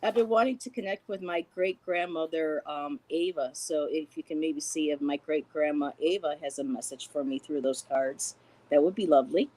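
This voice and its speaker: Gentle, encouraging woman guest. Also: low voice, moderate pace, poor audio. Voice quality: gentle, encouraging, many fillers. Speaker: guest intuitive reader. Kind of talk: casual spiritual chat.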